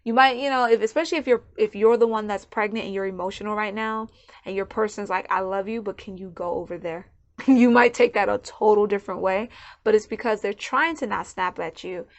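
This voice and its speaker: A woman's voice: medium pitch, fairly quick, lo-fi sound. A woman giving a channeled tarot reading in a loose, conversational way, often repeating words as she searches for her thoughts. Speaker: tarot reader.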